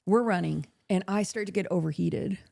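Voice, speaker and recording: A woman podcast host telling a story in casual chat. She talks in an animated way, swears freely and laughs often. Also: on the low side, moderate pace, gravelly.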